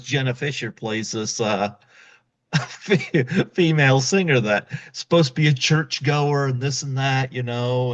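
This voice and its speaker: A man's voice: medium pitch, fairly bright tone. A male podcast host in casual chat, animatedly retelling a film scene and acting out the quotes. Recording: dull lo-fi recording.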